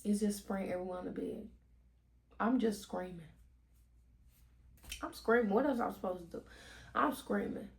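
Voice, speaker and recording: A young woman telling an animated storytime to her viewers on a headset mic, swearing freely and calling them "y'all". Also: mid-range voice, normal speed, vocal fry, pauses often. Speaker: storytime vlogger. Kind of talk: casual storytime vlog.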